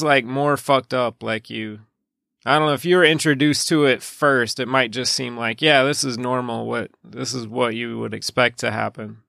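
A man co-hosts a podcast with a bright, tense edge and a crisp, resonant tone. His voice carries a lot of fry, and his thoughts meander and often trail off. The recording is close and dry. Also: medium pitch, no room sound. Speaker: podcast co-host. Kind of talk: casual film-discussion chat.

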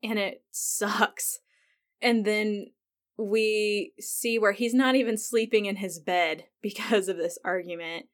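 A woman's voice: medium pitch, fairly even intonation, takes it slowly. Chatty woman recapping a TV episode. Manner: chatty, says "like" often, retells scenes with feeling. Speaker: podcast host. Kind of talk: casual TV recap commentary.

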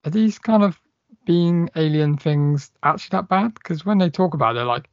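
Gravelly man, casual podcast chat. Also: a little high, normal speed, no echo. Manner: chatty, acts out lines from films in raised voices. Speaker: podcast co-host. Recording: dull, slightly muffled podcast audio.

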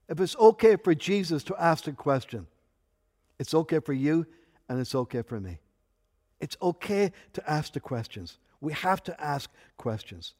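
A man delivers a sermon as pastor, his voice sitting a little high for a man. He drops to soft, intimate asides and then builds to loud, emphatic peaks. The sound carries a long hall reverb. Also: very animated, moderate pace.

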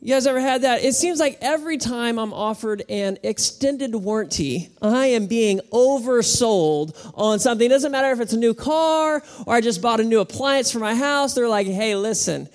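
A woman pastor preaching to a congregation in an animated, playful way, calling on the room to answer back. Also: on the high side, moderate pace, few pauses. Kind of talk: sermon. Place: church auditorium with congregation.

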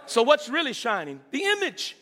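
A man preaching a sermon with enthusiasm, repeating words and swinging between loud calls and low murmurs. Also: wildly swooping pitch, normal speed, big-room sound.

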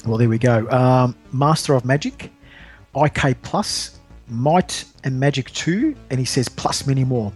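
A man's voice: medium pitch, measured pace, darkish tone, soft background music. A man hosting a podcast, chatting casually and reading out listener lists in a jokey, self-deprecating way. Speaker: podcast host.

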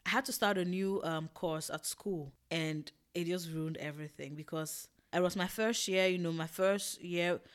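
A young woman from Ghana with a Ghanaian accent telling a personal story in an emotional, expressive way, swinging between hushed and loud. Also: lowish voice, normal speed, few pauses.

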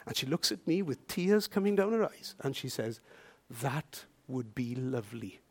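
A man preaching a sermon, telling a personal story with lively swings from hushed asides to loud, emphatic lines. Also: mid-range voice, normal speed.

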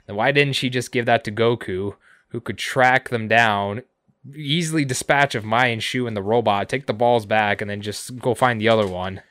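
A man co-hosting a podcast, recapping episodes casually with sarcasm, swearing and quick character impressions. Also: fairly low pitch, fairly bright tone, clear, resonant tone, no echo. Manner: sarcastic, swears a lot, acts out characters' lines. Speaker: podcast co-host.

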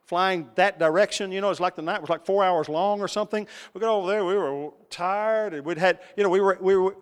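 Male preacher, high voice, folksy storyteller working the congregation, long hall reverb. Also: a little fast, clear, resonant tone. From Texas. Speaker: pastor. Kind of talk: sermon.

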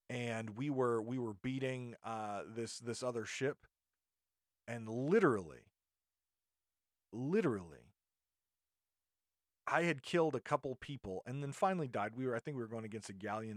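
A man's voice: mid-range voice, no room sound, studio quality. A man hosting a podcast, ranting indignantly in a monologue and often restarting his sentences. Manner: indignant, rambling with frequent restarts. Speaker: podcast host.

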